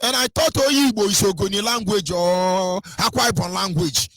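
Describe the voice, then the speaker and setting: A man's voice: sits high, normal speed, a bit bright, dry recording. A Nigerian man hosting a radio talk, preaching about culture and slipping into pidgin and sing-song mimicry. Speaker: radio host.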